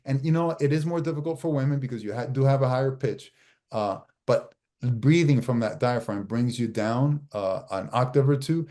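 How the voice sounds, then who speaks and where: A man's voice: mid-range voice, normal speed, mellow. A middle-aged man teaching a masterclass as a media trainer, emphatic and coaching, repeating key phrases and restarting often. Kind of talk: live online masterclass teaching.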